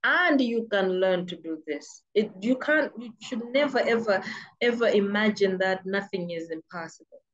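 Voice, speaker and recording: A woman's voice: mid-range voice, animated, normal speed, dull audio. A woman from Malawi with a British-sounding accent, giving emphatic, insistent freelancing advice as a vlogger who repeats words for stress. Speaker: freelancing coach. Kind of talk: motivational advice talk.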